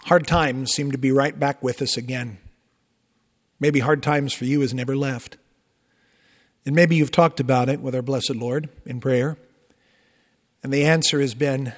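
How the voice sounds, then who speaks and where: A man's voice: mid-range voice, steady tone, unhurried, long pauses. A man, a Lutheran pastor, preaching a sermon with emphatic rises and conversational asides. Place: church sanctuary. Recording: long church reverb.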